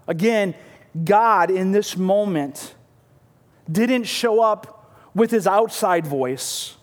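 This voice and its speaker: A man preaching a sermon, earnest and searching, often repeating words as he builds his point. His voice sits high for a man and at times sinks to a soft whisper. The sound rings with the long reverb of a large hall. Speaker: pastor.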